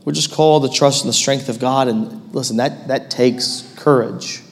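A man in his thirties preaching a sermon as pastor, animated and rising to loud, emphatic peaks. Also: mid-range voice, moderate pace, creaky, long reverb tail.

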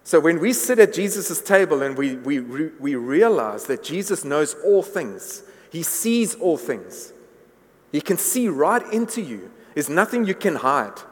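A man delivers a sermon in a large church hall, his voice trailing off into a long reverb. He speaks earnestly and sits a little high in pitch for a man, and he often stumbles over and repeats words while building toward a point. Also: big pitch swings, unhurried. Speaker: pastor.

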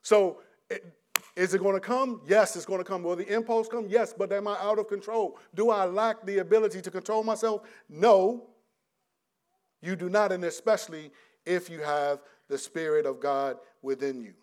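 A middle-aged man preaching a conversational sermon, often restarting his sentences and swinging between loud and hushed delivery. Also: sits high, steady tone, normal speed.

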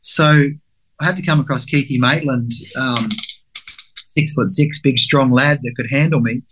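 A man's voice: mid-range voice, steady tone, normal speed, a bit bright, a little hiss or hum. A man talking as a guest, telling a story candidly with some swearing and acting out his own inner voice. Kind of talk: conversational storytelling.

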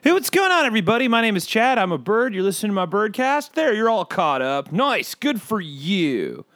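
A man playing a brash, excitable bird who hosts a comedy podcast, rambling through profane, pun-filled stories. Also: high voice, a little fast, no room sound, studio quality. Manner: rambling, profane, punning, riffs on asides. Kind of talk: comedic character monologue.

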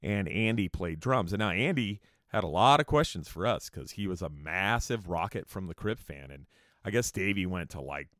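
Low-voiced man telling rambling, profane stories. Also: expressive, moderate pace, fairly bright tone, no room sound, clean studio sound. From California. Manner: profane, rambling, joking asides. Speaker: musician telling tour stories. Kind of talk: casual storytelling monologue.

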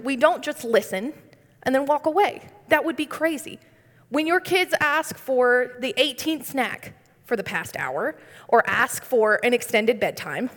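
A young woman with a slightly high voice delivers a conversational sermon. She stays earnest and drops in light humorous asides. A long reverb tail hangs on her voice. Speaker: speaker giving a devotional.

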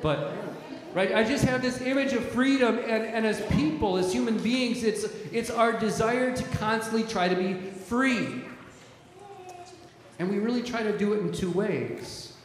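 Emphatic high-voiced preacher in echoing hall. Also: male voice, measured pace. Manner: emphatic preaching, repeats words and restarts. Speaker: pastor. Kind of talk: sermon. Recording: echoey hall, strong reverb.

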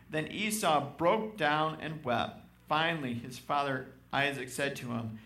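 A man's voice: a little high, measured pace, bright, forceful tone. A man preaching a sermon as pastor, reading scripture aloud and calling out to his congregation in an emphatic manner. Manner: emphatic, addresses congregation directly.

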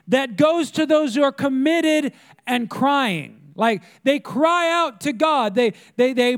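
A pastor preaching a sermon, emphatic and repetitive, calling out to the congregation. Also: male voice, very high voice.

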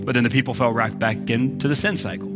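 A male pastor gives a lively, conversational sermon to a church congregation. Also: medium pitch, quick pace, loud music behind the voice. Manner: energetic, conversational preaching with frequent "like". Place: church sanctuary. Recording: live church service recording.

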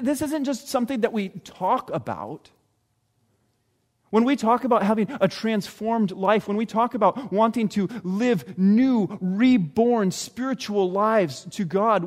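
High-voiced man preaching in a reverberant hall. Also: lively intonation, unhurried. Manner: earnest and conversational, acting out people's voices. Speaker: pastor. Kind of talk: sermon. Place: church sanctuary.

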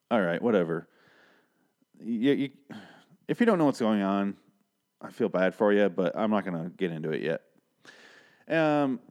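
A man's voice: lowish voice, darkish tone. A man casually recapping a TV episode, rambling and sarcastic, with frequent swearing. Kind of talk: casual commentary.

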